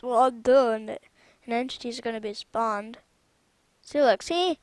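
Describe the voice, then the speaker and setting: A woman's voice: sits high, animated, unhurried, no echo. A woman giving casual gameplay commentary on her own game mod, rambling and chatty and often stopping to correct herself.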